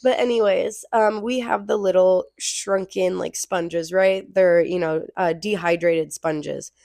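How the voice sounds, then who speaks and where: A woman's voice: on the low side, fairly even intonation, a little slow, gravelly, dark tone, no room sound, clean studio sound. A woman co-hosting a casual podcast, telling exasperated stories about customers from her work as a grocery crew member. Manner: storytelling with exasperated retellings of customers. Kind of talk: casual chat.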